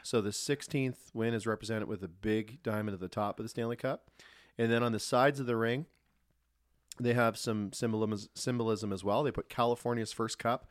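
A former pro hockey player, a man, telling relaxed, rambling stories as a podcast guest. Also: lowish voice, normal speed, no room sound, clean studio sound. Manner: relaxed, anecdotal, lots of restarts. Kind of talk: casual storytelling.

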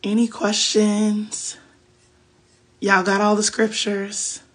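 A woman's voice: medium pitch, completely flat delivery, slow, fairly bright tone, breathy edge. A woman hosting a faith podcast, giving casual Bible teaching on a phone livestream in a chatty, preachy way with loose slang.

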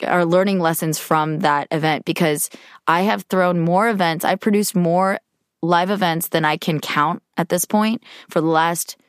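A woman in her thirties hosting a podcast, talking in a hoarse, tired voice, chatty and candid with lots of fillers. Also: on the low side, steady tone, measured pace, no room sound, clean studio sound. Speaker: podcast host. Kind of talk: casual podcast monologue.

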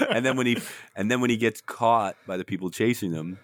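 A man's voice: mid-range voice, fairly quick, no room sound, clean studio sound. A man chatting casually about a film, cracking jokes and mimicking characters. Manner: jokey, mimics characters, laughs often. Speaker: podcast co-host.

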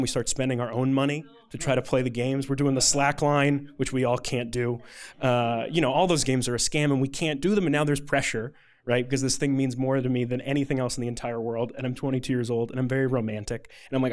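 A man's voice: medium pitch, steady tone, fast. A man telling a personal story to an audience, conversational and rambling, with a self-deprecating, emotional edge.

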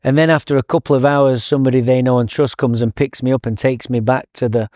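A man's voice: mid-range voice, fairly even intonation, fast talker, darkish tone, no echo, studio quality. A man with an English accent telling his story as a guest in an interview, blunt and candid, laughing at himself. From England.

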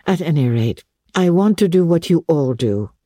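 A woman voicing a soft, musing countess, lilting high. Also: lively intonation, moderate pace, dry recording, studio quality. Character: poised worldly young countess, candid and gentle.

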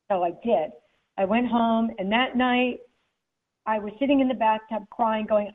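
Over a tinny, phone-like line, a woman who is a guest author tells a personal story in an interview. Her voice is a little high and unhurried, and she animatedly acts out the people in her tale.

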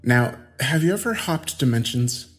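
A man's voice: medium pitch, expressive, moderate pace, soft background music, pitched above the performer's own voice, natural voice. A man voicing a giggly, unhinged young man in his mid-twenties who taunts and jokes casually. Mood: breezy. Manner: smirking, laughing, casual slangy taunts.

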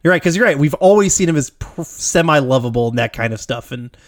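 A man's voice: fairly high pitch, lively intonation, quick pace, dry recording, studio quality. Upbeat man talking casually. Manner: enthusiastic, laughs easily, restarts sentences. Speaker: podcast co-host. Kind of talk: casual chat.

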